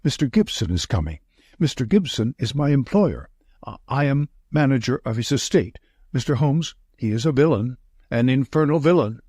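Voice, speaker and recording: A man's voice: mid-range voice, sing-song, normal speed, mellow, slightly rough, no room sound, studio quality. A man reading as a breathless, frightened estate manager. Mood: agitated. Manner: gasping out short sentences. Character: thin, nervous male estate manager, frightened. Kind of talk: audiobook reading.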